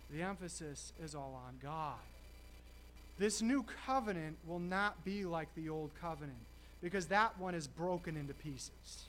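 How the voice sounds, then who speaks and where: A man preaching a sermon, emphatic, slowing and stressing key words with dramatic pauses. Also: sits high, fairly bright tone.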